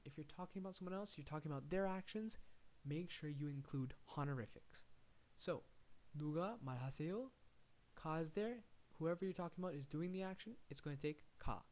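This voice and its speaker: A man teaching a recorded language lesson, explaining step by step and repeating example phrases slowly. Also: on the high side, a little mellow.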